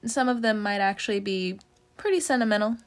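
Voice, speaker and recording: A woman's voice: mid-range voice, brisk. A woman giving a casual tarot reading, chatty, with many "you know" fillers, frequent little laughs and casual swearing. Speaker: tarot reader.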